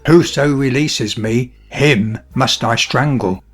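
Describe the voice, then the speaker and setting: A man's voice: slow pace, faint music behind. A man voicing a menacing storybook spirit. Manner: high muffled cries, then haughty and threatening. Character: trapped then towering menacing male spirit.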